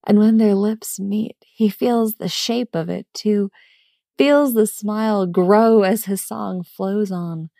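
Gravelly-voiced woman reading a story. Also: mid-range voice, slow pace, no echo, clean studio sound. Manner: gentle, warm storytelling with a smile in the voice. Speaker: fan fiction reader. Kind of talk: audiobook-style story narration.

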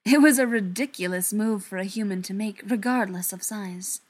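A woman reads a novel aloud as an audiobook narrator. Her pitch sits in a comfortable middle range. She tells the story expressively, sometimes dropping to near-whispers. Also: moderate pace. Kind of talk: scripted narration.

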